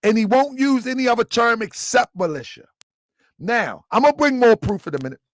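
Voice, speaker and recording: Male commentary host, high-pitched, dry close mic, insistent and repetitive, keeps asking listeners questions. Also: expressive, fairly quick, dry recording. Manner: emphatic, repeats points, quizzes listeners. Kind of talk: live commentary to viewers.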